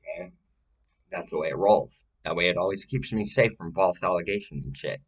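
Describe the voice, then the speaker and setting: A man's voice: sits low, brisk, slightly rough, rough recording. A man talking to the camera in a rambling personal monologue, profane and full of repeated, restarted phrases.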